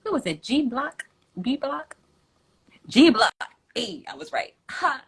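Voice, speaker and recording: A woman's voice: high-pitched, big pitch swings, takes it slowly, pauses often, fairly bright tone. A woman hosting a tarot livestream from home, chatting casually in slang, laughing often and reading out viewer comments.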